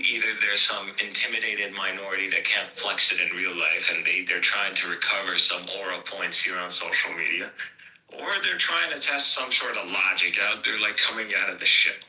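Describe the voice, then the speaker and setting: A man's voice: low-pitched, moderate pace, pushed and bright, echoey room, poor audio. An American man from California talking in a rambling, profane way, with lots of fillers, in a casual heated chat. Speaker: participant in a live voice chat.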